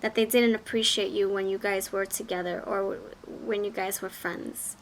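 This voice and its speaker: A woman's voice: medium pitch, fairly even intonation, normal speed, few pauses. A woman giving a pick-a-card tarot reading, talking in an effusive, exclaiming way and often repeating her words. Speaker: tarot reader.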